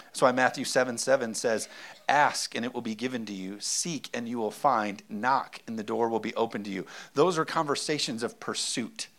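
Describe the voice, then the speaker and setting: A man's voice: mid-range voice, normal speed, a bit bright. A man in his thirties, a pastor preaching a sermon with emphasis and often calling out for an amen.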